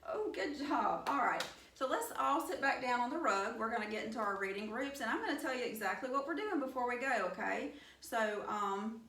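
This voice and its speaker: A woman's voice: fairly high pitch, lively intonation, brisk, few pauses, fairly bright tone, reverberant, distant mic, a little hiss or hum. A woman with a Southern US accent teaching young children a phonics lesson, upbeat and encouraging. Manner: upbeat, encouraging, addresses class with y'all. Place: classroom.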